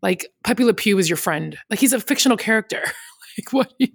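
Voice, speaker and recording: A woman's voice: mid-range voice, expressive, fairly quick, vocal fry, slightly rough, no echo, clean studio sound. A woman in casual conversation, rambling and chatty, laughing often and slipping into quoted voices of other people. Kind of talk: casual chat.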